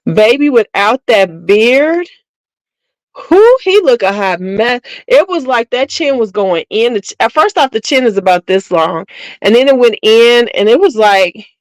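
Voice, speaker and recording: A woman's voice: fairly high pitch, lively intonation, measured pace, dry recording, poor audio. A middle-aged woman hosting her channel, chatting casually and bluntly with viewers in a gossiping, slangy way. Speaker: beauty channel host.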